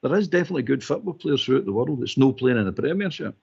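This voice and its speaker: This radio caller is a Scottish man whose mid-range voice is animated and very fast, creaky and darkish with a breathy edge. Heard over a muffled phone-in line, he pushes his opinion emphatically, going over his points again and again.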